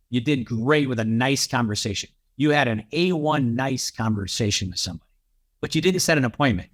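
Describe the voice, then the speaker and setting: A man's voice: mid-range voice, a bit bright. A man who is a podcast guest and real estate coach, talking in a punchy, repetitive way and laying out his points one by one. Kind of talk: emphatic coaching talk.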